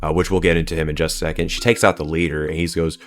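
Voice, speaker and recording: A man's voice: very deep voice, level tone, racing. A man giving a blunt, profane and scornful rant as a movie reviewer. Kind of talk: ranting film review.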